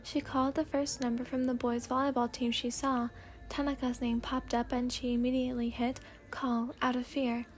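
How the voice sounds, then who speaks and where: Casting: woman narrator, gentle soft ASMR fanfic reading, slightly high voice. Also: flat delivery, moderate pace.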